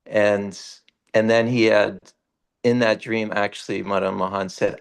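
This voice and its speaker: A man's voice: unhurried, creaky. A man leading a morning scripture class, retelling a devotional story and acting out the speakers in a raised voice. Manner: animated retelling, rising high for quoted characters.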